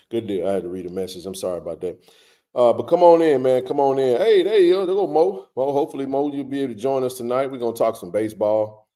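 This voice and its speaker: A man hosting a casual live stream, greeting viewers by name with a relaxed, filler-heavy way of talking. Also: medium pitch, fast.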